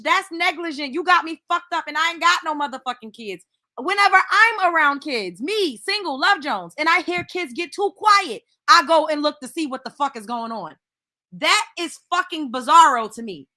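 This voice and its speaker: A woman's voice: high-pitched, bright, forceful tone. A woman hosting a commentary show, reacting bluntly and incredulously with lots of cursing. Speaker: host.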